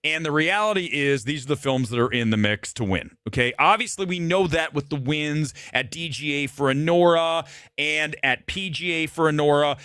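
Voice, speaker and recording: A man hosting a movie talk show, ranting about films in a profane, animated way, his voice slightly hoarse. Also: a little high, no room sound, clean studio sound. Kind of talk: live show, ranting opinion.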